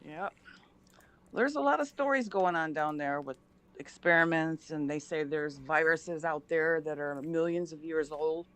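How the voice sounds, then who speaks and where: A woman calling in to a live show, talking in a quiet, speculative way. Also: low-pitched, a little slow. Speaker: caller. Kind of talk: call-in conversation.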